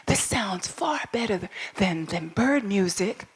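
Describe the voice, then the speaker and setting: A big, curious bear leans in to listen, speaking softly and half in a whisper, as a woman storyteller acts him out. His lines come hushed and full of wonder in a told animal tale. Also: medium pitch, animated, measured pace, slightly rough.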